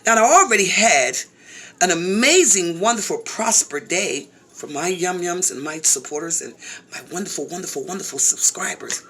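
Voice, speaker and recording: Woman vlogger, bright voice, animated, talks straight to viewers and repeats herself. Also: on the low side, moderate pace, slightly rough. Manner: animated, repeats phrases, frequent asides to viewers. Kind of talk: casual storytelling vlog.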